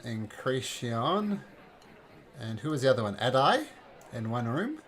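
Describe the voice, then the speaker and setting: Lively man running a tabletop game. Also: medium pitch. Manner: halting, with many fillers and restarts. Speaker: game master.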